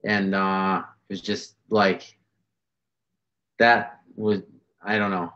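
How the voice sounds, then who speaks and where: A man telling fishing stories in a casual podcast chat, animated and full of fillers. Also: deep voice. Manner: animated, fast storytelling with fillers. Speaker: podcast guest, bass angler. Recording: dull lo-fi sound.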